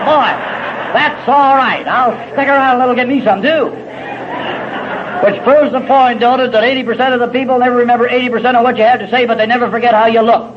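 A middle-aged man speaking at a recovery meeting, telling his story in a folksy, salty way with wry humor. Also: high voice. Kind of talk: personal testimony talk. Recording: dull lo-fi recording with faint hiss.

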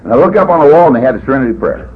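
An older man sharing his story at a recovery meeting, folksy and jokey in an animated storytelling way. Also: medium pitch, rapid-fire, breathy edge. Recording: dull lo-fi tape with faint hiss.

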